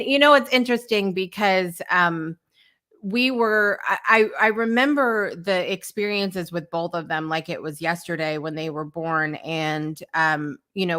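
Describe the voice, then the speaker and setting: A woman's voice: on the low side, sharp tone. A woman hosting a morning talk show, chatting casually with lots of fillers and frequent laughter. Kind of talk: casual chat.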